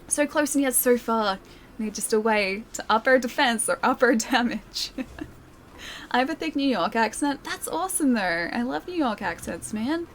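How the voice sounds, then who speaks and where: A woman's voice: a little high, lively intonation, normal speed, slight background noise. Chatty Australian woman streaming a game. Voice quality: soothing. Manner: chatty, laughs often, reads and answers chat. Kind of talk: casual live-stream chat while gaming.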